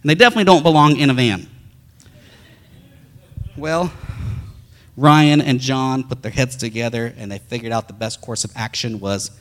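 A man, a pastor, telling a story in a sermon as an animated storyteller who acts out the sounds. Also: mid-range voice, normal speed, long pauses, big-room sound.

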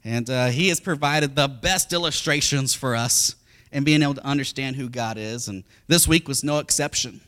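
Speaking at a normal speed with a medium-pitched voice, a middle-aged man delivers a sermon as a pastor. He tells the story in an animated, lively way, acting out each character's voice.

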